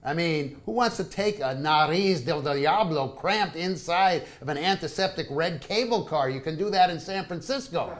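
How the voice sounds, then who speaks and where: A man reading his own travel stories aloud to a live audience, wry and full of comic asides. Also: on the high side. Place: small live performance venue.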